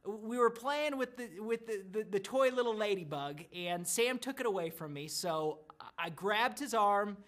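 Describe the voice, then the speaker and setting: A man voicing his five-year-old daughter, who earnestly rushes through an excuse for what she did. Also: high-pitched, animated, a bit bright. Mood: sheepish. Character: five-year-old girl explaining her misdeed.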